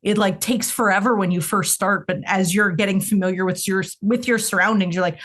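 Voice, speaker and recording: A young woman co-hosting a music podcast, talking in a chatty, expressive way. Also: mid-range voice, fairly quick, hardly any pauses. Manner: chatty and expressive, with frequent fillers. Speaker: podcast co-host. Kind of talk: casual chat.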